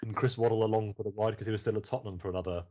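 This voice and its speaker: A man's voice: lowish voice, fairly even intonation, racing, dark tone. A man hosting a podcast in casual chat, rambling and laughing often, with some swearing. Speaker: podcast host. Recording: muffled lo-fi podcast audio.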